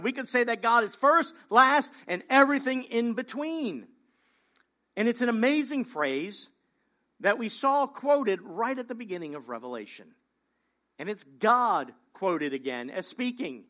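A man delivers a sermon in a high-pitched voice. He preaches in a conversational but emphatic way, posing rhetorical questions and repeating key phrases for weight. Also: pushed and bright.

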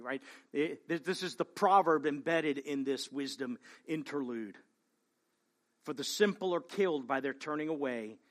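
A man preaching a sermon as pastor, swinging from hushed, slow lines to loud, pleading calls. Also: on the high side.

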